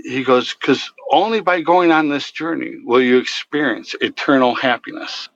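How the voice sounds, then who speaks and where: Guy telling his dream story, halting n earnest, kinda muffled dull audio. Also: mid-range voice, fairly bright tone. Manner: earnest, halting, many fillers. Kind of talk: personal storytelling.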